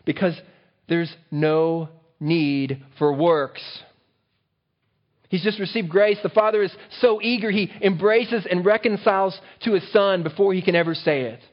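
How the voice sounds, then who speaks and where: A man's voice: high voice, steady tone, unhurried. A man preaching a sermon and often asking his listeners questions, recorded on a dull, lo-fi track. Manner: engaging, asks the listeners rhetorical questions. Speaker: pastor.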